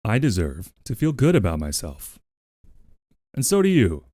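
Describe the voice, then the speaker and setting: A man's voice: on the low side, huge pitch swings, measured pace, warm tone, dry recording, clean studio sound. A man streaming from home, chatting casually with his viewers, playful and crude, and he often sings along to music. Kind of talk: casual live-stream chat.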